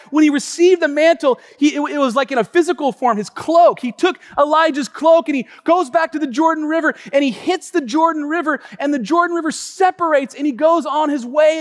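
A male pastor preaching a sermon, telling a story with many restarts and stumbles, moving between quiet asides and excited, loud retelling. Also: very high-pitched. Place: church hall. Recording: long reverb of a church hall.

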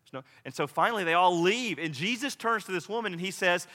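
Man, pastor, sermon, conversational, bright forceful tone, long hall reverb. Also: sits high, fast talker. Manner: animated, conversational preaching with dramatic quoted voices.

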